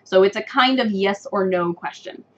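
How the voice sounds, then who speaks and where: A woman's voice: mid-range voice, dull audio, a little hiss or hum. Patient woman teaching a test-prep lesson. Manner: patient, encouraging, repeats answers slowly. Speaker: English teacher.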